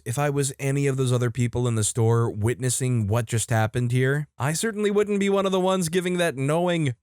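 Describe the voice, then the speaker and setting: A man hosting a story channel, reading posts aloud in a lively, playful way and voicing the quotes. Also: mid-range voice, clear, resonant tone, dry recording, studio quality. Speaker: host and narrator. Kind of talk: reading online stories aloud.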